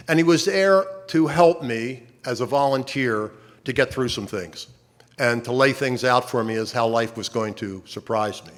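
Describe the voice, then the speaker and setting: An older man giving a personal testimony to a conference, speaking conversationally with wry humor and halting restarts. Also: medium pitch. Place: conference stage.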